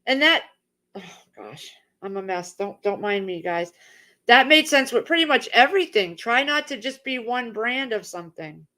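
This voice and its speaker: A woman's voice: fairly high pitch, expressive, normal speed, pushed and bright. A woman hosting a casual livestream from home, chatty and rambling, greeting viewers by name as she goes. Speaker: livestream host.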